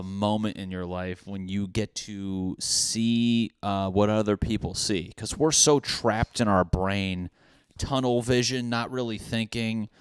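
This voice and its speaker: A man's voice: on the low side, smooth, no echo, studio quality. A young man hosting a solo comedy podcast, rambling and self-mocking, often slipping into silly put-on voices. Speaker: podcast host.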